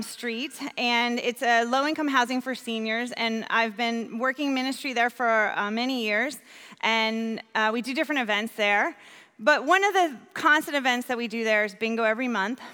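A woman from New York giving an earnest personal testimony as a church volunteer, animated when she retells conversations. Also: a little high, clean tone, big-room sound.

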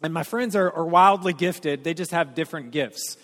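A man delivering a sermon as pastor, telling stories with energy and then speaking earnestly and softly. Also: fairly high pitch, normal speed. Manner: storytelling, animated then earnest and quiet. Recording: hall reverb.

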